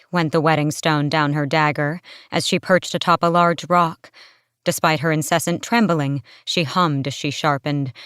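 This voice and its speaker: A woman narrating a fantasy novel aloud in a measured, expressive storybook reading. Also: sits low, clean tone, dry recording, clean studio sound. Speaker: audiobook narrator.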